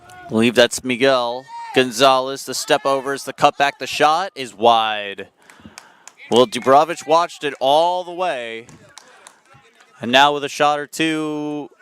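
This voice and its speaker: A man's voice: mid-range voice, fairly bright tone, a little hiss or hum. New man calling a soccer match. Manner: chatty, self-correcting, apologetic asides. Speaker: play-by-play commentator. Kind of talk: live soccer commentary. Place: outdoors at a soccer field.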